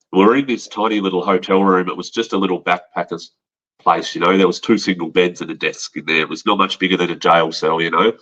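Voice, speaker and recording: A man's voice: low-pitched, fairly bright tone, dull audio. An Australian man telling his own story on a podcast in a frank, rambling way, swearing and calling the listener mate. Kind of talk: casual storytelling.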